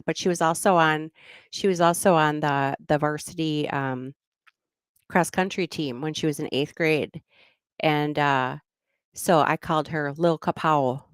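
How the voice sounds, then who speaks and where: A woman's voice: low-pitched, no echo, studio quality. A middle-aged woman hosting a true crime channel, chatting casually and rambling with frequent laughs. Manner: rambling, laughs often, slips into goofy voices. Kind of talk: casual livestream chat.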